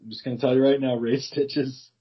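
A man of middle pitch trading sarcastic jabs in casual podcast chat. His delivery is teasing and quick to laugh. The recording sounds a bit dull and lo-fi. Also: flat delivery. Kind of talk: casual banter. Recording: slightly dull lo-fi audio.

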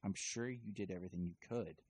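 A man's voice: sits low, fast talker, a little mellow, breathy edge. A man voicing an earnest adult male superhero in a loose, casual retelling.

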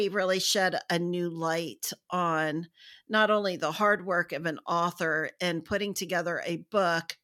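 A woman's voice: on the low side, sharp tone. A woman from the United States co-hosting a book podcast, speaking in an effusive, gushing way and laughing often. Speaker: podcast co-host. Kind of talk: casual book-club podcast chat.

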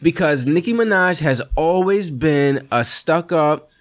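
A man's voice: fairly high pitch, expressive, unhurried. A man in a casual podcast chat who speaks emphatically and argues firmly for his opinions.

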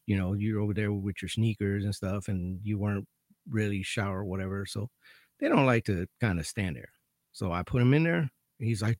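Low, gravelly male storyteller. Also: darkish tone, no echo, studio quality. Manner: profane, laid-back, dryly amused. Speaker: corrections officer telling prison stories. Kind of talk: casual storytelling monologue.

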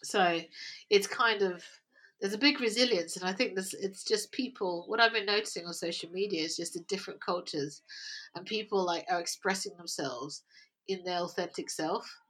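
A young woman chatting as a podcast guest, with a bright, crisp and forward voice. She tells her stories with life and keeps imitating sounds and what other people said. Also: fairly low pitch, normal speed. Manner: lively storyteller, acts out sounds and quotes. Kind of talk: casual conversation.

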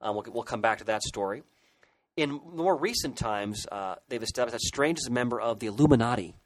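Speaking at medium pitch with lively intonation and a slightly fast pace, a male co-host gushes about comic book history in casual podcast talk, full of restarts and fillers. The recording is rough, with slight background noise.

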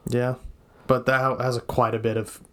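A man's voice: medium pitch, flat delivery, normal speed. A young man co-hosting a podcast, chatting casually and rambling with lots of ums and restarts, recorded at home. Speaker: podcast co-host. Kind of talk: casual chat. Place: home room.

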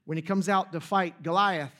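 High-voiced joking young preacher. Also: male voice, fairly even intonation, normal speed, bright, forceful tone. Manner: casual, joking storyteller with asides to the audience. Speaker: pastor. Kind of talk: sermon.

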